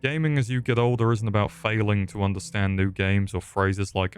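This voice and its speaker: A man's voice: lowish voice, steady tone, normal speed, hardly any pauses. A man reading a rambling, self-mocking scripted video essay, stuttering and going off on tangents. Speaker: YouTube host.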